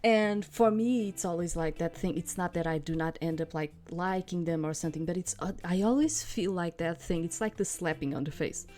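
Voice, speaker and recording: A woman with a slightly low voice talks casually over a game, wandering through long explanations and leaning on fillers. Faint game music plays underneath her chatter. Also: a little fast, hardly any pauses, warm tone. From outside the United States. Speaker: game streamer. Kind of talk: casual let's-play commentary.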